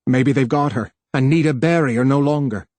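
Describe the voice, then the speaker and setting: A man's voice: mid-range voice, moderate pace, a little mellow, no echo, natural voice. A man playing a terse young technician. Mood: tense. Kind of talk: audiobook character voice.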